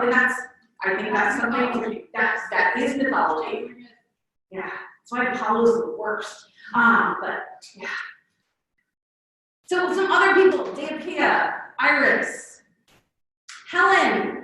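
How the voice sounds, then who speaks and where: A woman Latin teacher giving a conference presentation in an animated way, often acting out quoted voices. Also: high voice. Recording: echoey room, far from the mic.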